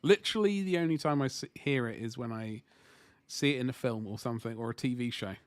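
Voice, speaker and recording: Male streamer at his hobby desk, mid-pitched, dry close sound, rambles and thinks aloud, self-deprecating. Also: quick pace, no room sound. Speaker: miniature painting streamer. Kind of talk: casual live-stream chat while painting.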